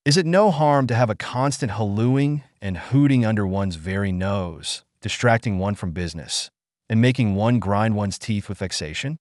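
A man's voice: lowish voice, lively intonation, normal speed, darkish tone, dry recording, studio quality, lightly acted. A man reading aloud, voicing an irritable, scheming male lawyer who complains in exasperation. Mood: exasperated.

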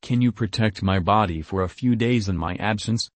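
A man voicing a serene elderly male saint who speaks calmly and gently in a storytelling reading. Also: fairly low pitch, no room sound, lightly acted. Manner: calm, gentle, unhurried speech.

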